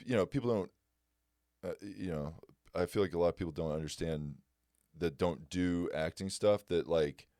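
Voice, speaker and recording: A young man telling stories in a casual podcast chat, laid-back, with animated quoted voices. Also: sits low, normal speed, dry recording, clean studio sound. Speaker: guest comedian.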